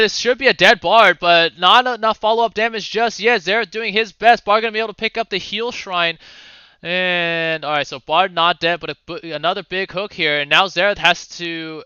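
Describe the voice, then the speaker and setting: A man giving casual play-by-play commentary on a video game match, with quick calls and the odd swear. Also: high voice, bright, forceful tone, clear, resonant tone, no echo, muffled recording. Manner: fast play-by-play with swearing and asides. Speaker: esports caster.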